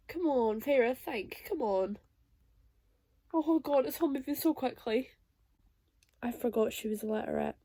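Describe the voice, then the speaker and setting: A woman's voice: a little high, slow pace, long pauses, mellow, no room sound. A young woman vlogging emotional reactions aloud as she reads a novel. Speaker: booktuber reading a novel. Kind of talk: casual reading vlog reactions.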